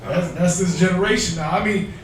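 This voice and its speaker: A man's voice: high-pitched, brisk. A man in his thirties joining a class discussion, telling stories in casual slang. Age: 30s. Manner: animated storytelling, slangy. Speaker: class member. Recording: echoey room from far off, faint noise.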